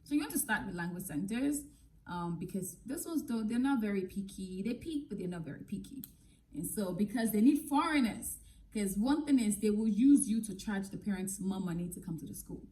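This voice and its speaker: Nigerian-born woman teacher vlogging, warm mellow voice, blunt straight-talking tips. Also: mid-range voice, lively intonation, brisk, rough recording. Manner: frank, direct, blunt advice with casual asides. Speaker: English teacher and vlogger giving advice. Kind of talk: casual advice to camera.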